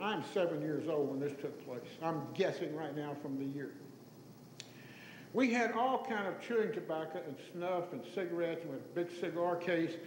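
High-voiced older Texan man in echoey hall. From Tyler, Texas. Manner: animated, acts out voices in his stories, chuckles. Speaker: storyteller giving an oral history. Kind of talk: folksy anecdotal talk to an audience. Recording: echoey hall recording with faint noise.

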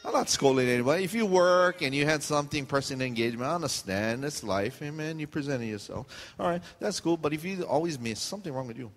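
A man pastor preaching to his congregation in a loose, joking way, playing out what people are thinking in their heads. His voice sits a little high for a man. A long church-hall reverb trails after his words. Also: lively intonation, fast, faint music behind. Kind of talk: sermon. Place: church sanctuary.

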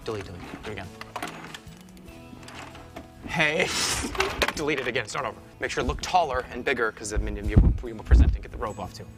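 A man's voice: medium pitch, fast talker, loud music behind the voice. A man streaming a game, rambling through jokey mock apologies to his chat. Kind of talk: casual live-stream commentary.

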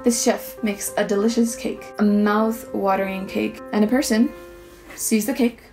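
A woman vlogger telling a personal story to camera, earnest and halting. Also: mid-range voice, steady tone, over music.

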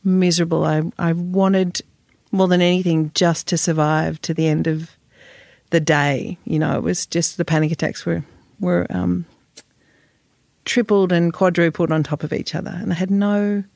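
Frank woman with a gravelly edge. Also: fairly low pitch, level tone, moderate pace, a little mellow, dry recording, clean studio sound. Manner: frank and emotional, swears freely, laughs, many restarts. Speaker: guest. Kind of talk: candid podcast interview.

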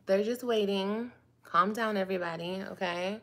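A woman's voice: mid-range voice, normal speed, a bit bright. A woman talking to her viewers in a casual monologue, dramatic and drawn out, addressing them again and again. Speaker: online video host.

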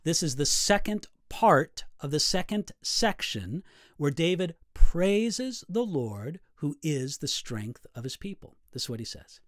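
A middle-aged male pastor teaches how he studies scripture, reading passages aloud and reflecting on them with real earnestness. His voice sits a little high for a man and moves animatedly up and down. The recording is dry, with no room sound. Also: very animated, measured pace, fairly bright tone, no room sound. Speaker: pastor teaching Bible study. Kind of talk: explaining study notes.

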